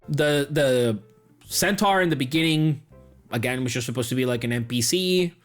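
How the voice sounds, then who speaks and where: A man's voice: medium pitch, moderate pace, faint music behind. A man, the game master of a tabletop show, chatting casually and animatedly about how he builds his characters. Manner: animated, acts out quoted characters. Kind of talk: casual podcast chat.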